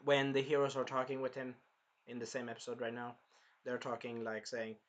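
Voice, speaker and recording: A man recapping an anime episode in an excitable, rambling way, jumping between plot points. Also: mid-range voice, a little fast. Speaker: anime reviewer.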